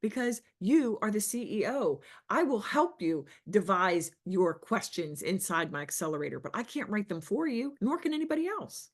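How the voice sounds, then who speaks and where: A woman's voice: medium pitch, normal speed, few pauses. A middle-aged woman sales coach talking passionately on a podcast, asking the listener questions and acting out other people's lines. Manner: passionate, animated, rhetorical questions. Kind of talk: podcast teaching talk.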